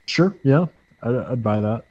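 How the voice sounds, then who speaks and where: Husky, deadpan male co-host. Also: medium pitch, unhurried, dry recording, lo-fi sound. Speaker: podcast co-host. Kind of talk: casual chat.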